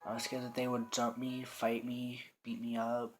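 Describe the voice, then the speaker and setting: Flat-voiced teenage boy telling his story. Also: medium pitch, moderate pace, slight background noise. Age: teens. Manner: quiet, somber, plainly spoken. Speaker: storyteller recounting coming out. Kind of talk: personal first-person story.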